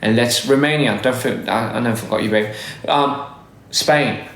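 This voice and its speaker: A man's voice: mid-range voice, moderate pace, a bit bright. Upbeat rambling man, echoey room. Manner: upbeat, rambling, stumbling over words. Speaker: musician hosting a live stream. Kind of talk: casual livestream shout-outs. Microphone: phone livestream.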